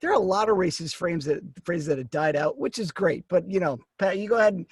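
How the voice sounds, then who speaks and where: A man's voice: sits high, animated, quick pace, husky, dry recording. A man co-hosting a podcast in casual chat, with wry, dry humor. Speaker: podcast co-host.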